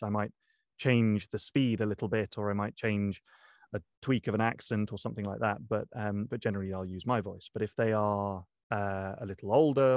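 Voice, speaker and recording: A young man, an audiobook narrator, talking through his craft in a casual interview, pausing often with ums and restarts. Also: fairly low pitch, a little mellow, no echo. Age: young adult. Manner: thoughtful, many ums and restarts. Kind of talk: interview guest, casual talk.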